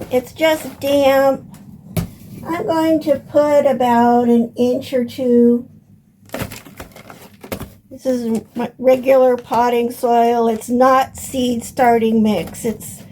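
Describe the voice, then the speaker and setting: An older woman hosting a home gardening lesson, explaining step by step in a plain, unhurried way. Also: high-pitched, mellow, slight background noise. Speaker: gardening channel host. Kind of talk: instructional gardening video.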